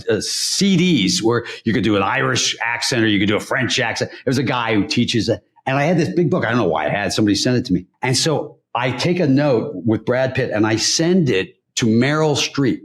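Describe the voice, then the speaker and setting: A man guest on a podcast, telling a prank story in a loose, animated way and laughing at his own mischief. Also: medium pitch, normal speed, hardly any pauses. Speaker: guest actor. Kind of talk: casual podcast anecdote.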